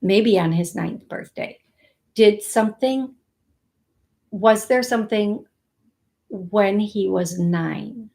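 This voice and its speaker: A woman hosting a live psychic reading, speaking in a halting way, repeating words and thinking aloud, soft-spoken and emotional. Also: medium pitch, vocal fry. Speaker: psychic medium host.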